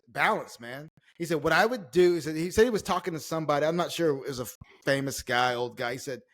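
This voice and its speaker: Ex ballplayer guy telling stories, animated, acts out quotes, kinda high voice. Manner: animated storyteller, acts out quotes, swears casually. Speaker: former pro baseball player, guest. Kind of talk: casual storytelling chat.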